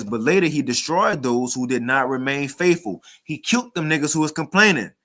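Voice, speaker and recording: A man gives a loose, conversational sermon full of slang. He reads scripture passages aloud and comments on them in a slightly high voice. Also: pushed and bright. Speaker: preacher.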